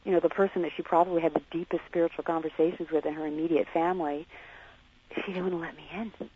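A woman being interviewed on the radio, talking in a halting, searching way and questioning herself as she reflects. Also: low-pitched, fairly even intonation, narrow, tinny audio, slight background noise. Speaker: interview guest.

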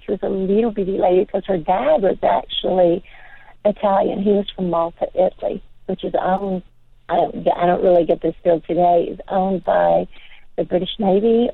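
An older woman talks in a rambling, chatty way, her voice rough with vocal fry. She comes through a thin, phone-like line with a dry, close sound. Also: medium pitch, dry recording. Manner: rambling, chatty, full of "you know". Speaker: guest. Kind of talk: casual interview chat.

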